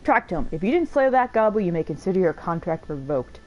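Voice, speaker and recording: Blunt commanding male chief read by a woman, stern, lively intonation. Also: on the low side, fairly quick, muffled recording, soft background music.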